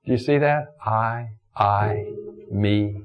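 A man preaching a sermon, repeating phrases for emphasis and moving between soaring exclamations and hushed, low reflection. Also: slow pace, highs cut off. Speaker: pastor.

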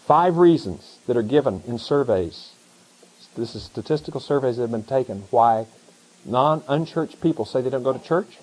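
A middle-aged man preaching a sermon as pastor, animated, pushing up into emphatic questions. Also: medium pitch, normal speed, poor audio.

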